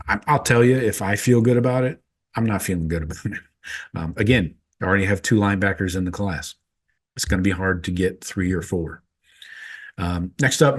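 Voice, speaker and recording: Low-voiced man hosting a casual sports podcast. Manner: rambling, offhand, wry asides with frequent ums. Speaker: podcast host. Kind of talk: casual recruiting update.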